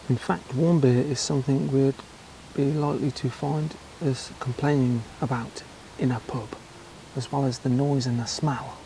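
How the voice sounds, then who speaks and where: A man's voice: mid-range voice, mellow, slight background noise, low-quality recording. An English man talking casually in a vlog, with dry, chatty asides. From England. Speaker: travel vlogger.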